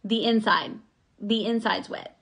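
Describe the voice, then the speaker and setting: A woman's voice: mid-range voice, steady tone, a little slow, a bit bright, slight background noise. A woman, chatting to viewers while working on a craft project at her table at home. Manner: chatty, self-deprecating, talks to viewers as y'all. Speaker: craft vlogger. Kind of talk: live craft tutorial chat.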